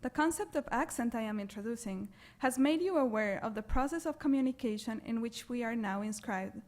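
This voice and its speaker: A woman's voice: fairly high pitch, a little mellow. Woman presenting with a foreign accent. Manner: measured, deliberate delivery. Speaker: graduate symposium presenter. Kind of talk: read academic presentation. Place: lecture hall.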